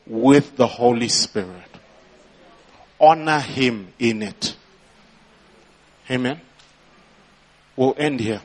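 A man's voice: mid-range voice, takes it slowly, long pauses. A man preaching a sermon as pastor, prompting the congregation and rising into emphatic bursts.

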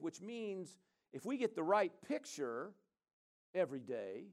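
A male pastor preaching a sermon, animated, with rambling, chatty asides to the congregation. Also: on the high side, unhurried.

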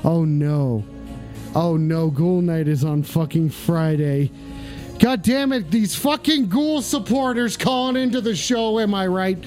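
Brief: high-pitched, manic male stream host, profane, shouty, soft music underneath. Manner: excitable, cursing, breaks into shouting; deliberate slowdowns for comic effect. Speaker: host of a comedic call-in stream. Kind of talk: profane comedic live stream.

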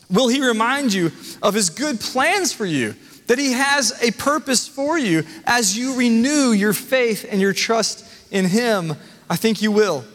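High-voiced preacher in a reverberant hall. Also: male voice, a bit bright. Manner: earnest preaching with emphatic pauses. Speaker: pastor. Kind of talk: sermon.

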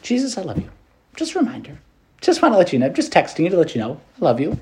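A Catholic priest giving a conversational preached meditation, casual and animated, with plenty of fillers. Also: male voice, a little high, very fast.

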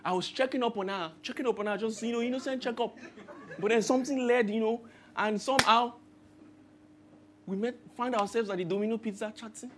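Another sermon from the Nigerian pastor, now brisk and very high-pitched with a steady tone and background noise. Storytelling, he gives the quoted voices rising emphasis as he acts them out.

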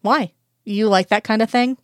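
A woman's voice: on the high side, normal speed, no room sound, studio quality, lightly acted. A woman reading the lines of a playful, teasing male agent who dotes on his partner.

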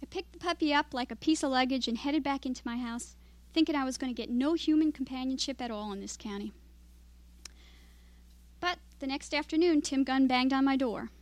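A woman writer reading her own fiction aloud at a literary evening, in steady, measured storytelling. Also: sits high, no echo.

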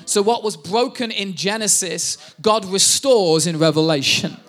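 A man's voice: high voice, unhurried, fairly bright tone. A man in his thirties, a pastor, preaching a sermon and telling family stories with self-deprecating humor.

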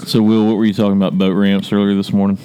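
Brief: low-voiced man, podcast host, chatty storyteller, faint music underneath. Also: little pitch movement, rapid-fire, dark tone. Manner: storytelling, laughs often. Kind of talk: casual fishing podcast chat.

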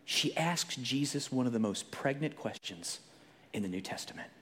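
A man preaching a sermon in a conversational storytelling way, dropping to a hushed whisper and then rising to loud emphasis. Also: mid-range voice, lively intonation, normal speed. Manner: conversational, storytelling with frequent restarts.

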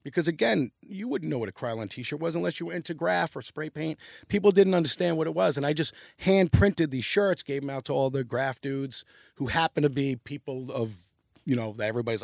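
A man's voice: medium pitch, a little fast, gravelly, dry recording, studio quality. A middle-aged man, telling rambling, profane stories as a podcast guest. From New York. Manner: animated, profane, rambling storytelling. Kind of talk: casual storytelling chat.

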